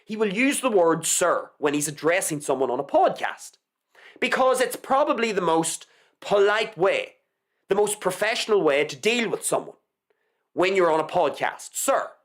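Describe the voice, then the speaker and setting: Woman, live commentary host, combative, scornful, animated pitch swings. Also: normal speed. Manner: combative and scornful, lectures the audience. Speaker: online commentator, show host. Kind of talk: live opinion monologue.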